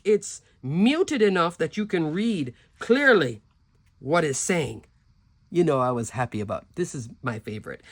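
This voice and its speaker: A woman's voice: fairly low pitch, dry recording. A woman showing her handmade holiday cards and treat bags, talking enthusiastically in a chatty product demo. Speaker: papercraft design team member.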